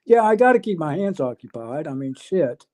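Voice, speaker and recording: A man chats casually as a guest, his voice worn and fading. He clears his throat again and again between remarks. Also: on the high side, very animated, normal speed, warm tone. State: losing his voice. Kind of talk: casual chat.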